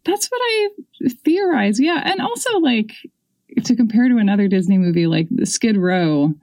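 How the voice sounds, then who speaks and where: A woman's voice: on the high side, lively intonation, normal speed, a little mellow, no echo. An American woman co-hosting a movie podcast, talking in an enthusiastic, rambling way with many fillers. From United States. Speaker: podcast co-host. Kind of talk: casual podcast chat.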